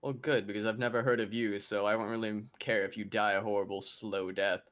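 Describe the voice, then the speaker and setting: A man's voice: on the low side, flat delivery, a little fast, a bit bright, voice pushed down, lightly acted. A man voicing an arrogant male elf adventurer who speaks in a boastful, taunting way.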